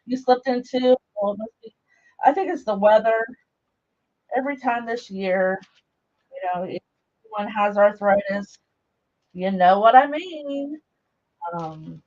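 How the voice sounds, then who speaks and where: Moving around a table in her home craft room, a middle-aged craft livestream host chats and rambles casually while working, calling out viewers by name. She has a mid-range, darkish voice, captured by a camera mic in dull, lo-fi live stream sound.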